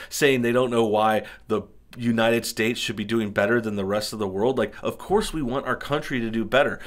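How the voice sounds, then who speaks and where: A man hosting an opinionated commentary show, talking indignantly in a string of rhetorical questions. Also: medium pitch. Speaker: political commentary host. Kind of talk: opinionated commentary over news clips.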